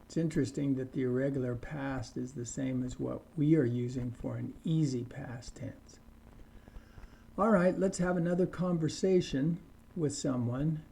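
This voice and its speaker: A man teaching an English grammar lesson, saying example sentences slowly and deliberately. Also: medium pitch, creaky, mellow. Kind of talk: slow scripted grammar lesson.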